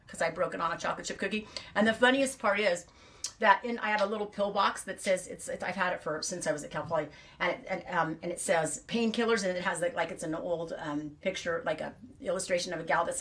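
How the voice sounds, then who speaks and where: A woman's voice: medium pitch, fairly bright tone, far from the mic. A middle-aged woman hosting a knitting livestream, chatting in a rambling, self-deprecating way. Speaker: knitting show host.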